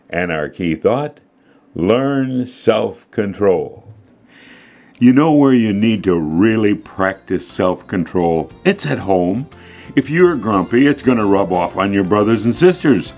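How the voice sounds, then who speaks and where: A man hosting and narrating a scripted children's devotional story in a gentle, measured way. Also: fairly low pitch, expressive, creaky. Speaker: host and narrator.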